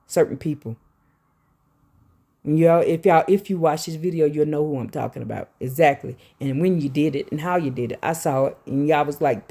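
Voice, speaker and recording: A woman's voice: low voice, mellow. A woman talks straight to her audience in a loose, rambling religious monologue. She circles back on her words and turns pointed and confrontational. Her delivery is emphatic throughout. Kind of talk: direct-to-camera religious monologue.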